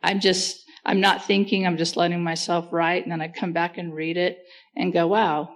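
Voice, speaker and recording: Woman leading a faith talk, earnest and reflective, with a slightly low voice. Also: little pitch movement, normal speed. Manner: earnest, reflective, thinking aloud. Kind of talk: casual faith discussion.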